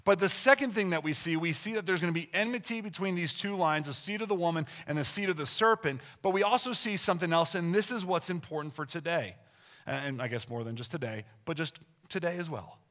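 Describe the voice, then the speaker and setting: A middle-aged man delivers a sermon with a bright, slightly raised voice. He talks in a conversational way, repeats key points for emphasis, and keeps asking his listeners questions. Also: fairly high pitch, brisk. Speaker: preacher.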